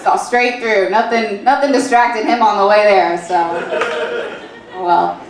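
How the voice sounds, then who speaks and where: A woman in her late twenties doing stand-up, with a halting, filler-heavy deadpan delivery. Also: medium pitch, background noise. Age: 20s. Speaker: stand-up comedian. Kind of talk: stand-up comedy set. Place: comedy club stage. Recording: echoey club room.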